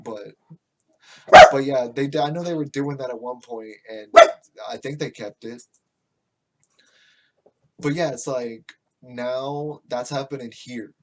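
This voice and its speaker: Profane, rambling American podcast host. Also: male voice, medium pitch, steady tone, moderate pace, long pauses, darkish tone. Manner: profane, rambling, with frequent restarts. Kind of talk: casual political rant.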